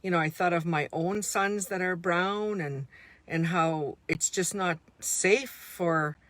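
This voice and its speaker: A woman's voice: lowish voice, slow, fairly bright tone, no room sound. Middle-aged lady vlogging from the heart, fired up, repeats herself, dead dry sound. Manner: impassioned, indignant, repeats herself. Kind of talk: unscripted heartfelt monologue. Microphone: handheld camera.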